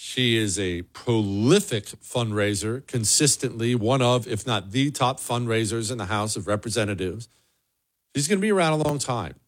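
A man hosting a political commentary show, blunt and sarcastic, with emphatic repetition. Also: medium pitch. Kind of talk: opinionated solo commentary.

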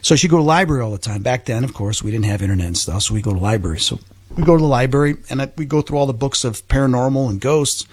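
A middle-aged man, a guest, recounting a personal experience in an animated, earnest way. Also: mid-range voice, rapid-fire, breathy edge, no echo. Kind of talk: personal storytelling.

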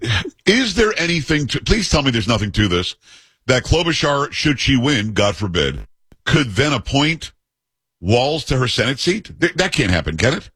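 Husky man hosting a talk show. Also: medium pitch, sing-song, normal speed, fairly bright tone, no room sound. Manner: brash, incredulous questioning. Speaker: show host. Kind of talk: political talk interview.

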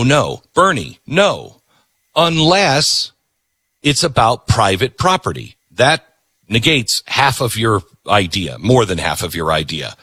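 A man's voice: medium pitch, sharp tone, slightly rough, no room sound, studio quality. A middle-aged man hosting a talk show, delivering an emphatic political monologue and repeating words for stress.

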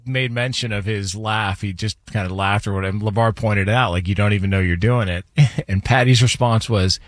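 A man's voice: fairly low pitch, brisk, dry recording. A man hosting a sports radio show, joking with co-hosts, recapping stories and reading an ad. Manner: laughs easily, recaps stories. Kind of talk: casual sports talk banter and read ad.

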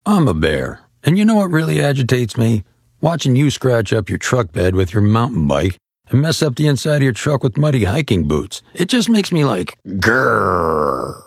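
Cranky bear for a radio ad, husky and up-and-down, dry. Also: male voice, mid-range voice, sing-song, normal speed, no echo. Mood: grumpy. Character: grumpy talking bear, male, easily irritated. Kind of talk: scripted radio commercial.

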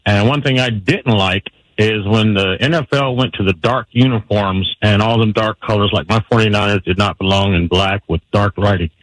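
A man's voice: lowish voice, normal speed, fairly bright tone, no room sound, rough recording. A man calling in to a radio show, giving folksy, earnest advice. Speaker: radio caller. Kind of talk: phone-in advice.

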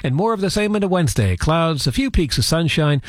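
A man's voice: fairly high pitch, expressive, fairly quick, dry recording, studio quality. A man meteorologist reading a radio weather forecast in a lilting way.

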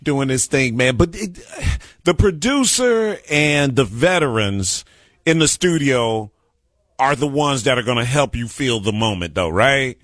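A man's voice: medium pitch, lively intonation, measured pace, fairly bright tone, no room sound, studio quality. A man hosting a casual interview, hearty and slangy, calling his guest brother. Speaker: interview host.

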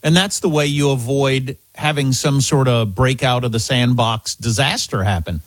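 A man co-hosting a talk radio show, bantering in an animated, excitable way that trips over his words. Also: medium pitch, normal speed, no room sound. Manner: animated, excitable, repeats himself. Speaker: radio co-host.

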